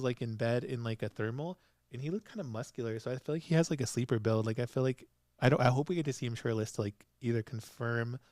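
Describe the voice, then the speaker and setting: A man's voice: medium pitch, darkish tone, no echo, clean studio sound. A young man hosting a solo podcast, chatting casually and laughing often as he recaps episodes. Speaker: podcast host.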